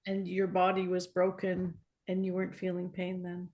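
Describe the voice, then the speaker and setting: A woman hosting an interview, giving soft backchannels and asking reflective questions. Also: fairly low pitch, monotone, moderate pace, highs cut off. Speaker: interview host. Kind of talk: casual interview.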